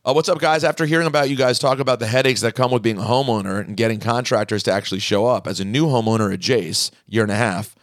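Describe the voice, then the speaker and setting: Male podcast host, mid-pitched, close dry mic, animated mailbag reader. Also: fast, hardly any pauses, no echo. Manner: animated, reads listener emails aloud. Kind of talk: casual chat, reading mailbag.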